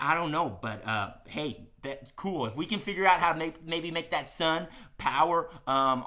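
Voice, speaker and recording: A man hosting a live-streamed children's show, talking gently to kids with many "um"s and "okay?"s. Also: fairly high pitch. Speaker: children's entertainer host.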